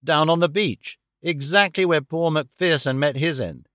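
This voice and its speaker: A man's voice: fairly high pitch, moderate pace, a bit bright, no room sound, close to an everyday voice. Brief: male narrator putting on a desperate headmaster, raised and urgent, dry close mic. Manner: urgent and pleading. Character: frantic middle-aged male school headmaster. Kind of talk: audiobook character reading.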